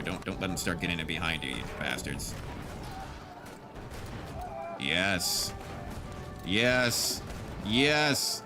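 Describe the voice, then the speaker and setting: A man giving casual, joking gameplay commentary with mock-grandiose outbursts and frequent laughter. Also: low voice. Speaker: gaming YouTuber. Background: game music.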